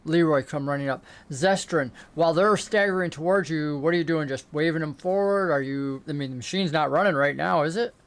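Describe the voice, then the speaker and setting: A man's voice: a little high, fairly quick, hardly any pauses. Male game master narrating a tabletop game. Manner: descriptive, builds to excited narration in action. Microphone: remote call setup.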